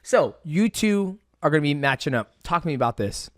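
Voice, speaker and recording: A man hosting a podcast, telling stories in a lively, casual way, cursing freely and acting out the voices of the people in them. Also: a little high, a little fast, no echo, clean studio sound. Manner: animated, swears freely, acts out voices in stories. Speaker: podcast host. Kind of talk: casual storytelling chat.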